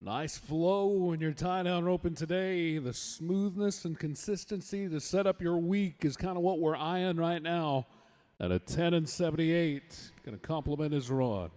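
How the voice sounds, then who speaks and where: Man, rodeo commentator, high voice, upbeat rider introductions. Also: a little slow, darkish tone. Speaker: rodeo announcer.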